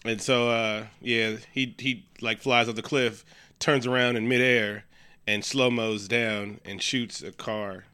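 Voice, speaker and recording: A man co-hosting a casual movie review chat, retelling scenes in animated quoted voices. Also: mid-range voice, measured pace, clear, resonant tone. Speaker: podcast co-host.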